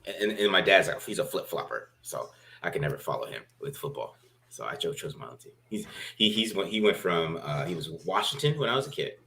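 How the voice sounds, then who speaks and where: A man's voice: low-pitched, lively intonation, fairly quick, gravelly, sharp tone. A man co-hosting a casual football film breakdown, rambling with restarts and asking "right?" after nearly every point. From from a Baltimore family. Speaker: football film analyst co-host.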